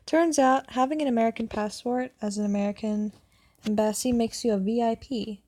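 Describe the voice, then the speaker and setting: A young woman with a fairly high voice reads an online story aloud. She often trips over words and goes back to correct herself as she reads. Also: steady tone, a little fast, warm tone, a little hiss or hum. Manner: stumbles and corrects herself while reading. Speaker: story reader. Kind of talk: reading online stories aloud.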